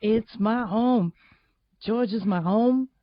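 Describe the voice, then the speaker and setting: A woman's voice: fairly high pitch, slow, no room sound, muffled recording. A woman from Boston, guest voice actor, talking in a chatty, laughing way with many restarts. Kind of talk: casual interview chat.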